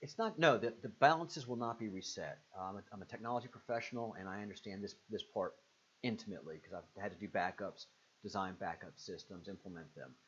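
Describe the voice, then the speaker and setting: A man's voice: fast, a bit bright, breathy edge. Southern-accented man chatting on a live stream. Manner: rambling, answers viewer comments with fillers. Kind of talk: casual live stream chat reading comments. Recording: muffled low-fidelity stream audio.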